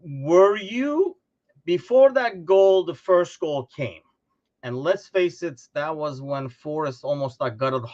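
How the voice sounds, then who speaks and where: A young man from Turkey hosts a live podcast in casual chat, spinning stories with lively swings and frequent laughs. His voice sits fairly high for a man. The audio is dull and lo-fi. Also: takes it slowly. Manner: animated storyteller, laughs often. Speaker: podcast host.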